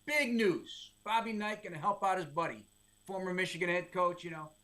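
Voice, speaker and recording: A middle-aged man, a sports play-by-play announcer, telling stories as a guest in casual podcast chat. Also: high voice. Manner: lively storyteller, quick asides.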